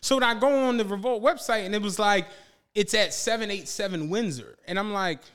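A podcast co-host with a high-pitched, brisk voice tells a long story during casual chat. He's profane and animated, laughs often, and acts out what people said.

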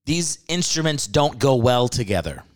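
A man's voice: mid-range voice, big pitch swings, normal speed. A married man hosting a comedy podcast, ranting with joking asides and casual swearing. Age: adult, married. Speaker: podcast host.

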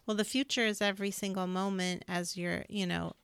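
A woman's voice: medium pitch, fairly even intonation, a little fast, creaky, clear, resonant tone, no room sound. A woman co-hosting a podcast, talking in a chatty, loose way full of little asides. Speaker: podcast co-host. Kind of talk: casual spiritual chat.

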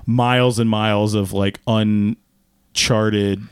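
A man co-hosting a podcast, chatting casually about a movie in a rambling, tangential, animated way. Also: lowish voice, takes it slowly, clean tone, no room sound, clean studio sound. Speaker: podcast co-host.

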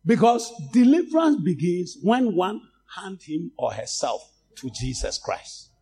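Ghanaian man preaching, high husky voice, gravelly, very animated pitch, rises to shouts. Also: a little slow. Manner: switches between English and Twi, rising to shouts. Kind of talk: sermon.

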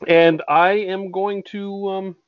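A man's voice: high voice, flat delivery, slow pace, dry recording. Joking man on a dull dry mic. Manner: jokey, chatty, reads aloud with stumbles. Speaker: podcast co-host. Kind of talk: casual podcast chat.

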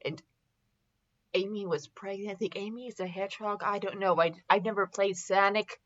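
A woman's voice: mid-range voice, steady tone, moderate pace, fairly bright tone, dull audio. A woman hosting a comedic fanfiction reading, breaking off into sarcastic asides and stumbling over words. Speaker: podcast host reading fanfiction.

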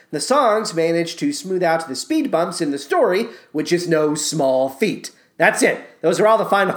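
A woman hosting a podcast, giving a casual, irreverent review with wry asides and the odd swear word. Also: on the low side. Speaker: podcast host. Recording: roomy echo.

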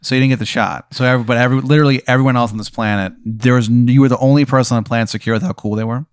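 A man narrating as game master in an improvised tabletop game, telling it in a casual, deadpan way. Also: mid-range voice, racing, clean tone, no room sound, studio quality.

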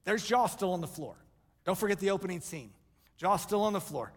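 A man preaching a sermon to his congregation, emphatic, with quick joking asides to the room. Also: high-pitched, expressive. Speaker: pastor. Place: church sanctuary. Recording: live church hall reverb.

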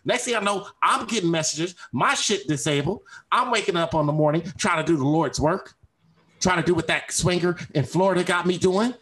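Blunt podcast dude with a really high voice, swearing and going off. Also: male voice, fairly bright tone. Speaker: podcast co-host. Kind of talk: casual podcast rant.

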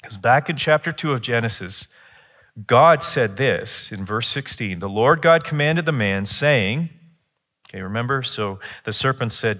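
A middle-aged man preaching a sermon in an earnest teaching tone, rising higher and louder when he presses a point. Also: animated, measured pace.

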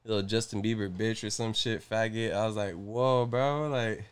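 A young man telling a story in casual chat, acting out the voices of the people in it, swearing freely and breaking into loud bursts. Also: on the low side, level tone, fairly quick, clean tone.

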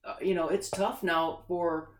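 A man from the United States in casual political chat, telling stories in an animated, emphatic way. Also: fairly high pitch, unhurried. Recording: echoey room, faint background noise.

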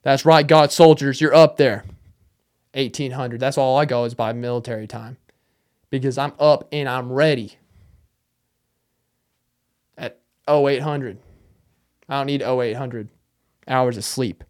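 A man's voice: mid-range voice, fairly even intonation, measured pace, pauses often, darkish tone. A young man talks on his own podcast in a loose, meandering way, poking fun at himself. His voice sits in an ordinary middle register. The delivery is casual and unscripted. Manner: joking, rambling, self-mocking. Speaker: podcast host. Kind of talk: casual solo monologue.

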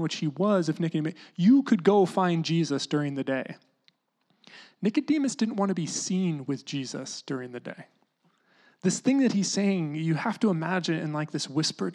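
A preacher giving a conversational sermon, explaining scripture in a loose, chatty way full of "like" and "you know", sometimes dropping to a hush. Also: medium pitch, normal speed. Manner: casual, animated teaching with lots of "like" and "you know"; often drops into a hushed voice to act out quotes.

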